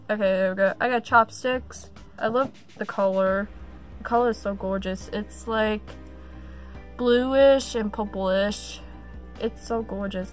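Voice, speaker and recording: A woman showing off her haul in a casual vlog, gushing and swearing casually, repeating words for emphasis. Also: medium pitch. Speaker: vlogger.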